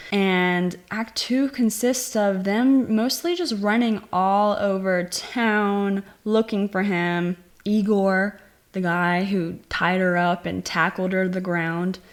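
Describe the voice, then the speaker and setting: A woman chats through a movie review in a casual, talkative way. She fills her speech with "like" and throws herself into the scenes she retells, briefly acting out what the characters say. Her voice sits at an ordinary middle pitch. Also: a little slow. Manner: animated retelling, acting out quoted lines; chatty, many "like" fillers.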